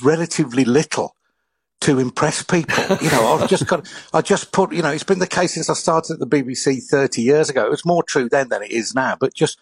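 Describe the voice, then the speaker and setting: A man with a Birmingham accent, a broadcaster guesting on a radio discussion, self-deprecating with halting restarts. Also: a little high, slightly rough, no echo.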